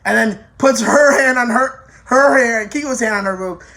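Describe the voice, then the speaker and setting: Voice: mid-range voice, moderate pace, pushed and bright. An anime reviewer giving a casual, rambling spoken review, full of restarts and offhand swearing.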